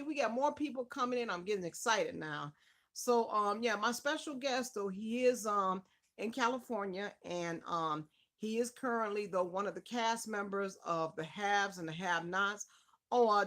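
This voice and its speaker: A woman's voice: medium pitch, gravelly, a bit bright. A woman hosting a casual live stream interview, effusive and greeting her viewers by name.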